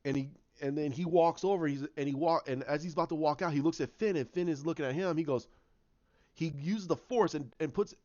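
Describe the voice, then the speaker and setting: A man's voice: a little high, fairly quick, a little mellow, lo-fi sound. A man casually talking through a story idea, rambling with lots of restarts and acted-out bits. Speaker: fan commentator.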